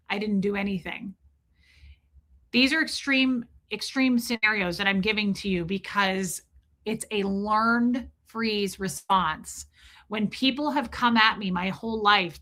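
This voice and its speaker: Bright-voiced woman, confessional stream talk. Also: mid-range voice. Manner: confessional, emotional, rambling with restarts. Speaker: livestreamer. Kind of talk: candid personal monologue.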